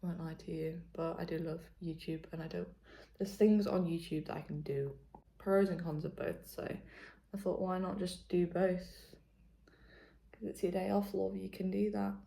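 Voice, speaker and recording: A woman's voice: lowish voice, fairly even intonation, normal speed, gravelly, mellow. A young British woman chatting casually to camera in a vlog, rambling and correcting herself, sometimes dropping to a whisper. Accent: British English. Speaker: vlogger.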